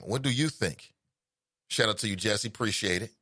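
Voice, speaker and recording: A middle-aged radio host with a Cincinnati, Ohio accent runs a casual call-in talk show, rambling conversationally and tossing playful asides to listeners. His voice is lowish, moderately paced, pushed and bright. The recording is dry and studio quality.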